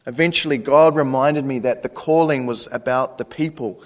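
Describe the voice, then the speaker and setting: A man's voice: fairly high pitch, moderate pace. A man, a pastor preaching a sermon in a conversational way, often asking rhetorical questions. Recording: long reverb.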